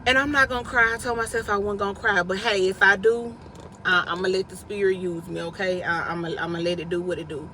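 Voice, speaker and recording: A woman vlogger giving a casual, inspirational faith talk, repeating lines slowly for emphasis in slangy, everyday phrasing. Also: mid-range voice, fairly even intonation, pushed and bright, slight background noise, low-quality recording. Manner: slow, repetitive, preacherly emphasis.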